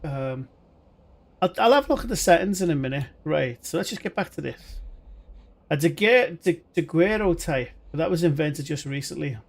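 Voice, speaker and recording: A man's voice: fairly high pitch, animated, normal speed, creaky. A man live-streaming a video game, rambling chattily and talking to his chat viewers. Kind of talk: live gaming stream commentary.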